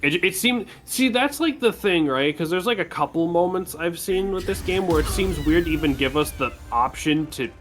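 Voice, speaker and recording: A man's voice: fairly high pitch, animated, moderate pace, few pauses, faint music behind. A man giving casual, sarcastic commentary while playing a video game, cursing freely. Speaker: game streamer.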